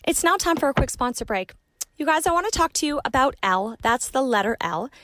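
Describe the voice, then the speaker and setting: A woman's voice: high voice, expressive, brisk, a bit bright, a little hiss or hum. A woman hosting a podcast, reading a sponsor message in an upbeat, earnest way.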